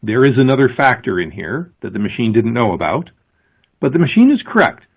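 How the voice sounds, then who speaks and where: A man giving a conference presentation, explaining with emphasis and pausing before key words. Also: mid-range voice, sing-song, vocal fry, slightly rough. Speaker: conference speaker. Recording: thin, phone-like lo-fi audio.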